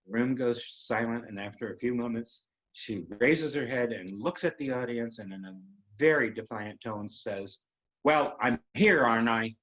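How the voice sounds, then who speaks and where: A man hosting a web series, telling a personal story in an emotional, halting way with many pauses. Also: medium pitch, rough recording.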